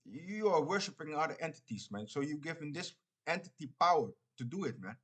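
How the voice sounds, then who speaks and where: A man preaching in an informal, halting way, full of restarts and fillers, who ends nearly every phrase with "man". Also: on the high side, expressive, a bit bright.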